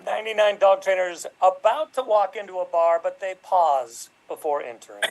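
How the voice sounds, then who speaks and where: Guy with a pretty high voice telling bar jokes on a call, chuckly. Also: normal speed, background noise. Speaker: improv player. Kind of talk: quick-fire joke telling.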